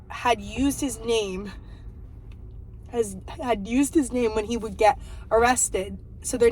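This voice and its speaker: A woman's voice: fairly high pitch, slight background noise, rough recording. A woman of twenty-eight, telling a rambling story in casual vlog chat, full of likes and ums. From New Jersey. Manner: chatty, rambling, lots of "like" and "um". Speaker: vlogger.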